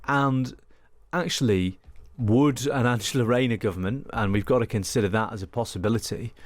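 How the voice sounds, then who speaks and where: A man from northwest England speaks as a guest on a radio discussion show. He talks quickly and with animation, stumbling into restarts and repeated words, his mid-range voice close and dry on a studio microphone. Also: medium pitch, no room sound. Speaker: political journalist, studio guest.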